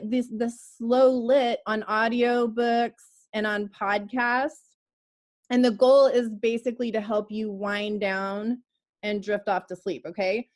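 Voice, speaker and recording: A woman's voice: a little high, a little mellow. A woman co-hosting a podcast, talking in a playful, teasing way and swearing casually. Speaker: podcast co-host.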